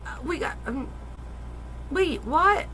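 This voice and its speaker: A woman in her forties, chatting on a casual livestream in a bright, high-set voice. She gushes excitedly and swears freely. A faint hiss runs under her voice. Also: takes it slowly, rough recording. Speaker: livestream host.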